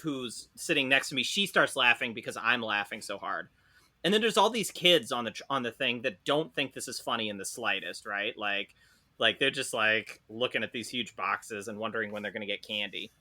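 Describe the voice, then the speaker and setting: A man telling a funny story on a casual podcast. He is animated, swears freely and often laughs. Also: medium pitch, normal speed. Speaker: podcast co-host.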